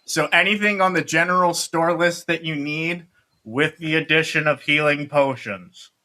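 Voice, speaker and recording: A man running a tabletop game as dungeon master over voice chat, laughing often and halting with restarts. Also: fairly high pitch, pushed and bright. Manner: laughing, halting, self-mocking.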